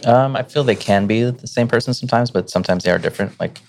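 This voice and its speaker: A middle-aged man talks like a teacher among friends, relaxed and rambling. His voice sits very low and turns gravelly with fry. Faint clicking sounds are heard behind him. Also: quick pace, slight background noise. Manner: relaxed, rambling storytelling with many fillers. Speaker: teacher and podcast guest. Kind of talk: casual conversation.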